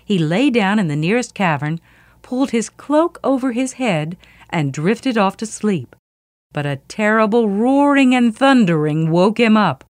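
A woman reading a myth aloud as a storyteller, expressive and vivid. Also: mid-range voice, unhurried, no room sound, studio quality.

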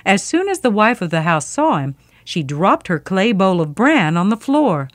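A woman reading a myth aloud as a storyteller, expressive and vivid. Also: mid-range voice, moderate pace, no echo.

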